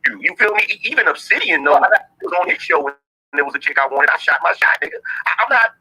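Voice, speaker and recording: Very bright, husky, blunt man. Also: high-pitched, animated, a little fast, rough recording. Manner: blunt, profane, asks "you feel me?". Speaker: guest on a discussion show. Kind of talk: casual podcast discussion.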